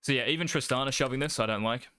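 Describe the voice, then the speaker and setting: A young man talks through gameplay as a coach, brash and sure of himself, swearing freely. His voice is bright and forceful, crisp and smooth, and it sits close and dry with no room around it. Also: mid-range voice, very fast, dry recording. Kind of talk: casual gameplay coaching commentary.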